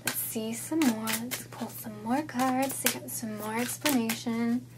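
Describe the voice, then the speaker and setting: A woman's voice: a little high, fairly even intonation, a little slow, very noisy. A woman giving a casual tarot reading, thinking aloud in a chatty, goofy manner. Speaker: tarot reader.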